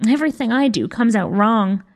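A woman's voice: fairly high pitch, expressive, fairly quick, close to an everyday voice. A woman voicing a timid, mournful young girl witch who whines and sniffles. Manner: whiny and sniffling.

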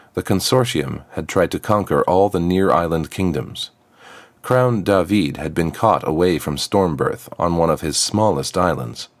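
A man reading a fantasy story aloud in a steady, measured narration. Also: low voice, no room sound.

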